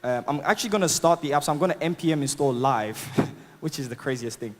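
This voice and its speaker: A man with a non-native English accent gives an upbeat, chatty tech talk with a live demo in a large conference hall, and the recording carries its long reverb. His voice is a little high with lively intonation, he speaks fast, laughs at his own jokes, and uses lots of fillers.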